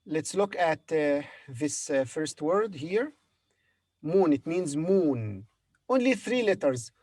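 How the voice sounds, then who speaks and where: A man leads a beginner language lesson at an unhurried, very slow pace. He spells each word out letter by letter and repeats it over and over for the learner. The sound is dry and close, with no room echo. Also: fairly high pitch, big pitch swings, darkish tone. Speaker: Arabic teacher.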